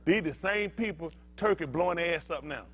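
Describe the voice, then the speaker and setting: A man's voice: a little high, fairly quick, a bit bright. An older male pastor giving a fiery sermon, heated and emphatic, firing rhetorical questions at the congregation.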